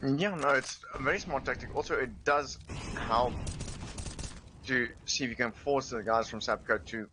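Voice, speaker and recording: A man's voice: medium pitch, moderate pace. A man giving live play-by-play commentary on an esports match. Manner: steady play-by-play. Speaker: esports caster. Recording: faintly noisy stream audio.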